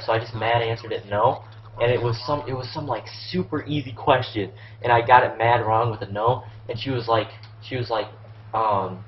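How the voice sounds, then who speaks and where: Teen guy rambling over his game, tons of ums and cussing, muffled cheap mic in an echoey room. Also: medium pitch. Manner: rambling, lots of ums and likes, heavy swearing. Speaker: gameplay commentator. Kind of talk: casual gameplay commentary. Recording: roomy, muffled lo-fi sound with faint hiss.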